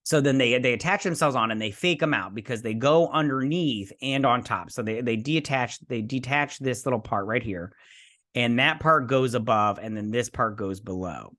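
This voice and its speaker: A man casually recapping and reviewing an episode. He rambles through the plot in a loose play-by-play and throws in mouth sound effects. His voice sits at a plain middle pitch. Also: moderate pace, fairly bright tone. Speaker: host.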